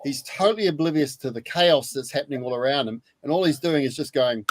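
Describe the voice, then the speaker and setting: An Australian man in his sixties telling a story in casual chat, lively and repeating his words as he goes. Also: mid-range voice, brisk, no room sound, low-quality recording. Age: 60s. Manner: animated anecdote teller, repeats words.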